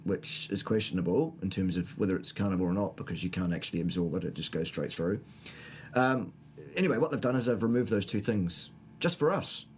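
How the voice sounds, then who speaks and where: Low-voiced New Zealand man hosting a livestream. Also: darkish tone, a little hiss or hum. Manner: rambling, jokey, greets viewers by name. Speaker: livestream host. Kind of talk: casual livestream chat.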